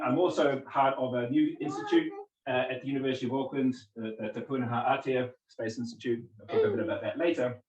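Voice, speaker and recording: A New Zealand man in his forties, medium-pitched with an English-tinged accent, is a visiting physics lecturer giving a chatty, self-deprecating public talk. He addresses a community gathering in a meeting house, and the distant mic captures a roomy hall.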